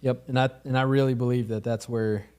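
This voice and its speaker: A man with an average-pitched voice co-hosts a casual podcast. He speaks in an earnest, reflective way and chimes in to back up his partner. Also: flat delivery, brisk, dark tone, smooth. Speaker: podcast co-host, realtor.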